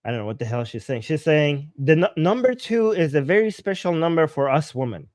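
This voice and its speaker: A man's voice: fairly high pitch, very animated, a little fast, darkish tone, dry recording. Laughing man translating Persian clips. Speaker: political commentator. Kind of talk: casual commentary translating clips.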